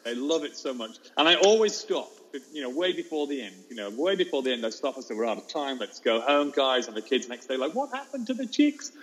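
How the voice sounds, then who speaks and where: A man, a teacher, telling a classroom story in a fast, lively way and acting out the children's voices. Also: mid-range voice, rough recording. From England. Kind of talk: animated storytelling.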